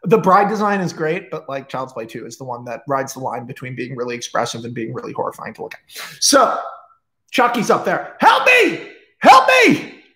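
A man pitching a movie plot casually on a livestream, excitable and profane, racing through in bursts with restarts. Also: fast talker, hardly any pauses.

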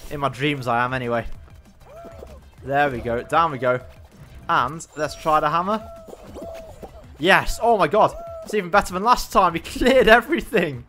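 Excitable man commenting on gameplay. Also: fairly high pitch, moderate pace, pauses often, faint music behind. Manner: excitable, self-mocking running commentary. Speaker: gaming YouTuber.

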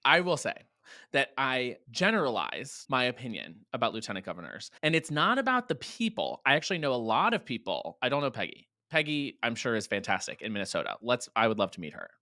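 A man co-hosting a political podcast, animated and opinionated, laughing often. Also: mid-range voice, brisk, dry recording, clean studio sound. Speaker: podcast co-host. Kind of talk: casual political podcast chat.

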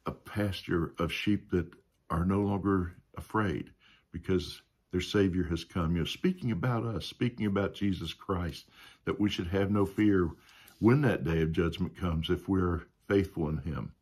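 A man leads a Sunday school Bible lesson in an easy, conversational way. His voice is low and husky. He often slips in "you know" and asks the class questions as he explains. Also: a little slow, darkish tone.

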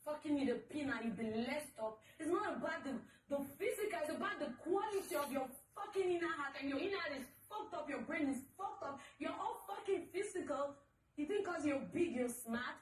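A woman with a Nigerian accent, a reality show housemate, ranting angrily and swearing at someone in a shared house. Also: sits high. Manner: angry, swearing, insulting. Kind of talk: heated rant. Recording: roomy, distant house mic.

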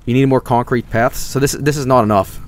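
A man streaming a game, talking casually and swinging between low mutters and loud exclamations. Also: steady tone, a little fast, slight background noise. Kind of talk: livestream game commentary.

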